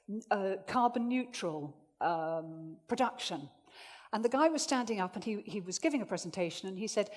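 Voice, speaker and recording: A woman running a presentation skills workshop for a live audience, jokey and lively, swinging her voice up and down to make her points. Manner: lively, jokey, swings pitch widely for demonstration. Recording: echoey hall reverb.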